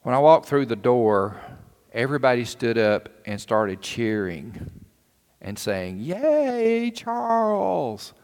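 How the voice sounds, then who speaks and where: A man's voice: fairly low pitch, fairly even intonation, measured pace, darkish tone. A man preaching a sermon in a folksy, earnest storytelling way. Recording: long hall reverb.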